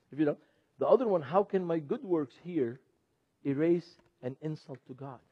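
A middle-aged man, a ministry speaker teaching an audience in a sermon style. He talks in an animated way, laughs often and puts questions to the audience. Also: on the high side, husky, dry recording. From Lebanon. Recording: dull, dry lo-fi recording.

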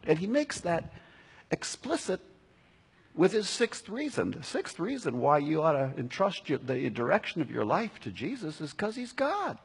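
A man preaching a sermon as pastor, emphatic, slowing down to stress key words. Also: sits high, big pitch swings, creaky, husky. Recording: long hall reverb.

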